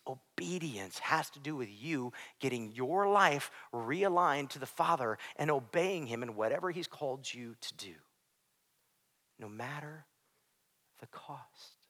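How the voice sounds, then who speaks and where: A man preaching a sermon as pastor, swinging from hushed near-whispers to loud shouts. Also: medium pitch. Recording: preacher in a large reverberant hall.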